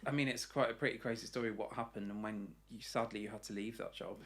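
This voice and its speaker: A man's voice: on the low side, fairly even intonation, fast talker, fairly bright tone. A man hosting a casual podcast interview, supportive and answering in short replies. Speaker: podcast host.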